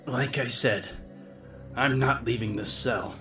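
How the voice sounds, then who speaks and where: A man voicing a grouchy, cowardly middle-aged male reporter, gruff and slow-spoken. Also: medium pitch, expressive, voice pushed up, lightly acted. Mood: smug. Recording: music bed under the reading.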